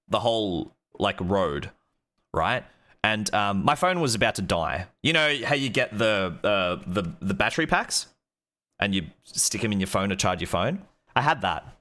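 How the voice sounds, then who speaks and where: A man's voice: lowish voice, pushed and bright. A young Australian man and streamer, telling a story in a rambling, casual way with lots of fillers and swearing.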